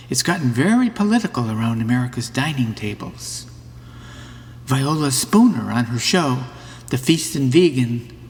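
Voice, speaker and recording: A man with a gravelly, fry-laden voice tells a comic story in a dry, mock-serious tone. His slightly high pitch rises and falls in lively swings, and a long hall reverb trails behind him. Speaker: narrator of a mock book trailer. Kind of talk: scripted comic monologue.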